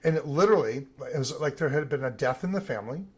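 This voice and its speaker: A man, an Olympic team photographer, telling lively stories in a podcast interview and acting out the voices of the people he quotes. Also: fairly high pitch, fast, husky. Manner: animated storyteller, acts out quoted voices.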